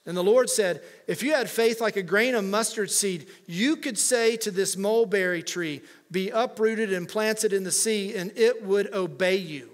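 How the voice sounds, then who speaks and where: A man's voice: sits high, a little slow, few pauses. A male pastor preaching a conversational sermon with humorous asides to his congregation. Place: church sanctuary.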